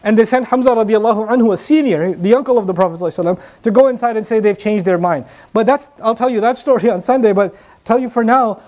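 A man's voice: high voice, fast, darkish tone. A man preaching a sermon, earnest, repeating key phrases and asking the listeners rhetorical questions.

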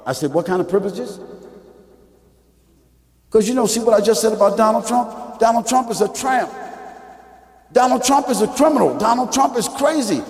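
A preacher delivers a sermon to a congregation, his somewhat high voice rising into shouted lines and falling back to low asides. He keeps pressing his listeners with "right or wrong?" The sound rings with long reverb, as if in a large hall. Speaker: Muslim preacher. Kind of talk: televised sermon.

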